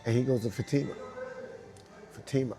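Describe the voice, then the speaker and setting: A male dancer telling an animated, laughing anecdote, acting out the people he quotes. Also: medium pitch, moderate pace. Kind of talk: animated storytelling.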